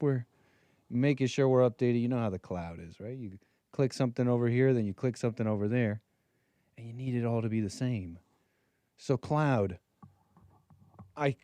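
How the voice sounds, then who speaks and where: A man's voice: mid-range voice, mellow, no echo. A man hosting a live-stream show in a loose, joking way, teasing his viewers and rambling through asides. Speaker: host. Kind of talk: casual live-stream chat.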